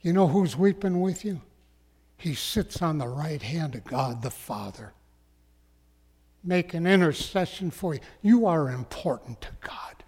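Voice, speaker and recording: A man preaching a sermon as a pastor, slow and emphatic, sometimes dropping to a hush. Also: fairly high pitch, lively intonation, husky. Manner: slow, emphatic preaching that drops to hushed tones. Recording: long echoing hall.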